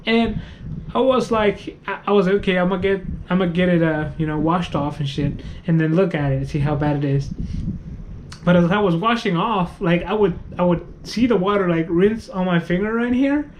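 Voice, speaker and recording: A man with a high, light voice tells a long story on a casual podcast. He rambles and swears freely, restarting sentences and leaning on fillers. A faint hiss of noise sits under his voice. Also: fairly quick, darkish tone, low-quality recording. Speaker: podcast co-host. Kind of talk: casual chat.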